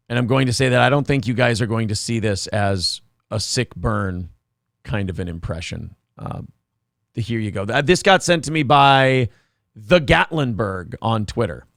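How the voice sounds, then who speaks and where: A man's voice: mid-range voice, expressive, a little slow, vocal fry, dry recording, clean studio sound. A man hosting a morning talk show, chatting casually with a sarcastic, mocking manner. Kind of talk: casual chat.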